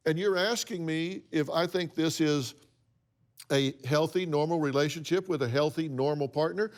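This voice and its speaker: A man's voice: on the high side, normal speed. A man hosting a talk show, counseling a guest in a blunt, emphatic, lecturing way. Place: TV studio with audience.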